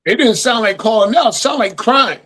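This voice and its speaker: A man's voice: high-pitched, a little fast, fairly bright tone. A man on a sports panel, scornful and mocking, mimicking a whiny voice. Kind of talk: casual sports talk.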